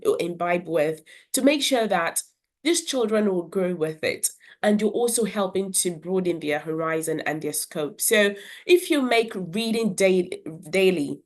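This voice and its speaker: A woman educator, giving earnest instructional advice to parents about reading and talking with their children. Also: lowish voice. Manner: earnest, explanatory, with brief demonstrations of character voices.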